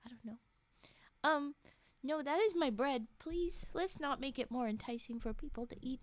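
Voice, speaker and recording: A woman's voice: high voice, moderate pace. A woman streamer reading stories aloud, breaking off into chatty, giggly asides. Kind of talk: casual storytelling stream.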